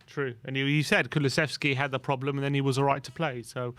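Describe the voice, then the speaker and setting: A man co-hosting a casual fan chat show, relaxed and conversational. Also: mid-range voice, fast, no room sound. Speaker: co-host.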